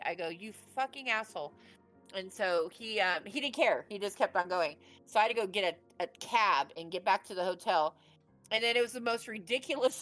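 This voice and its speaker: A woman in her late forties tells a personal story in a loose, rambling way, peppering it with fillers like "you know" and "like." Her voice is lowish with a fairly bright tone, and the recording quality is poor.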